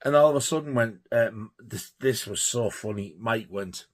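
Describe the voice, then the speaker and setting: A man's voice: fairly low pitch, moderate pace. A man telling a rambling, laughing anecdote on his vlog, swearing freely. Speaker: vlogger.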